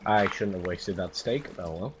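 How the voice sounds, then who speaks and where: A man's voice: sits low, animated, moderate pace. A young man co-playing a game, laid-back, with dry teasing remarks, over a noisy voice-chat mic. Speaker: co-player. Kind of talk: casual gameplay chat.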